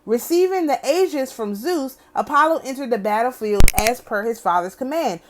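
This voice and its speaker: A woman with a somewhat high voice reads a passage aloud on her astrology channel. She stops often to add wry, opinionated remarks and checks in with "okay?" before going back to the text. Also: expressive, normal speed, background noise. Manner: breaks off often to comment, asking "okay?". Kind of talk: reading a text aloud with commentary.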